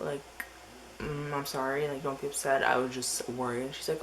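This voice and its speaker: A woman's voice: a bass voice, fairly even intonation, fast talker, creaky, noisy background. A teenage girl telling a rambling story in a casual diary vlog, full of "like" and quoted asides. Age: teens. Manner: rambling, filler-heavy storytelling. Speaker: vlogger.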